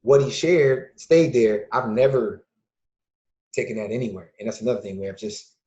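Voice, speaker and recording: A man from Illinois, a podcast guest and youth mentor, talking casually and acting out quoted dialogue with lively changes of voice. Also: medium pitch, moderate pace. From Lake County, Illinois, USA. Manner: lively storyteller who acts out quoted dialogue. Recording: dull lo-fi recording.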